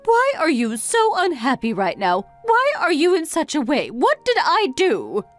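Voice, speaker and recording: A woman's voice: a little high, sing-song, normal speed, faint music behind. A woman voicing an exasperated middle-aged mother who scolds her grown son with one reproachful question after another, read as a texting-story voice-over.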